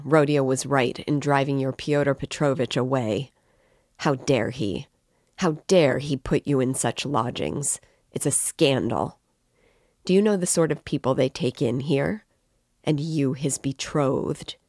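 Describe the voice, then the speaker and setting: A woman's voice: low voice, a little mellow, dry recording, studio quality. A woman reading as a tipsy ranting young man. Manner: impassioned, ranting. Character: excitable drunken young man, effusive.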